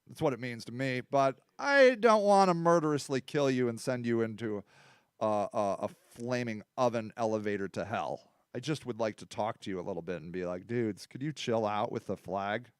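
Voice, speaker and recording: High, clear-voiced man chatting loosely. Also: no echo, clean studio sound. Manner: rambling, joking, laughs often; talks back to viewer comments. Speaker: political talk show host. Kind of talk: casual chat.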